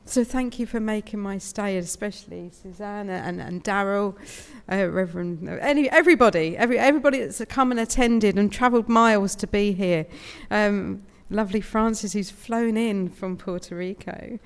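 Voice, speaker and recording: A British woman in her fifties speaks as a guest speaker to a congregation, chatty and openly emotional. Her voice carries a gravelly fry, and it rings out with long reverb in a large hall. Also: mid-range voice, normal speed, few pauses. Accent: British English. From United Kingdom. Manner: chatty and emotional, laughs often. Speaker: guest speaker at a spiritualist service. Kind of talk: inspirational platform talk.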